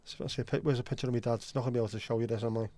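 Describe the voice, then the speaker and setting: A man's voice: medium pitch, fairly even intonation, racing, mellow, no room sound. Man casually chatting with live-stream viewers. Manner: friendly, teasing banter with viewers. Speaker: livestream host. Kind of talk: casual chat reading out viewer comments.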